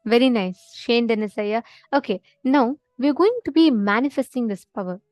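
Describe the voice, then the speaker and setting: A woman leads a live online spiritual teaching session, explaining step by step and often checking whether listeners follow with "correct?". Her slightly high voice is animated and a little mellow at normal speed, recorded dry with faint music behind.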